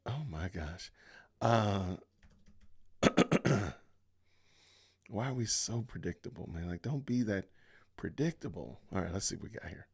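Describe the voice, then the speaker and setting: A man's voice: unhurried, pauses often, husky. A man hosting a live-stream podcast, reacting with exasperated commentary, sighing and talking to his viewers. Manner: exasperated, sighing, lively pitch swings. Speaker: podcast host.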